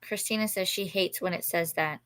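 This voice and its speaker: A woman co-hosting a livestream, speaking casually with short replies and relaxed explanations. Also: lowish voice, normal speed, dry recording. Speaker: livestream co-host. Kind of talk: casual chat.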